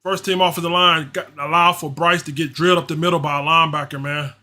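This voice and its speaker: This livestream host's voice is on the high side, pushed and bright, with fairly even intonation and a quick pace. He calls the action casually for fans, ranting with slangy frustration that keeps circling back on itself.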